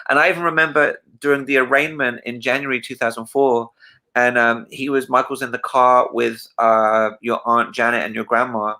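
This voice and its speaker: Bright-voiced man telling a rambling story. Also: mid-range voice, moderate pace. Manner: rambling, many fillers and restarts, animated when quoting. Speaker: livestream host. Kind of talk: casual storytelling on a livestream.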